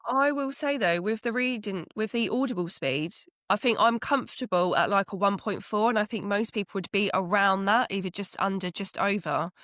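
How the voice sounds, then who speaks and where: A woman from England co-hosting a podcast in casual chat, relaxed and laughing easily. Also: medium pitch, moderate pace, hardly any pauses, no room sound, clean studio sound. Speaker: podcast co-host.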